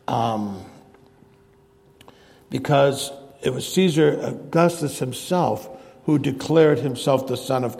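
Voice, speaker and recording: A male preacher teaching through scripture in a sermon, retelling each scene in plain words. His voice is mellow and a little gravelly. A long reverb from a large hall trails behind him. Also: medium pitch. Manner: expository Bible teaching, paraphrasing scripture.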